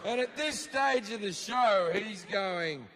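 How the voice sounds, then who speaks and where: A man's voice: high voice, expressive, takes it slowly, noisy background. A man performing a stand-up comedy routine live, crude and sardonic, swearing often and acting out characters. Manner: crude, swearing, sardonic storytelling with acted-out voices. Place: live venue with audience.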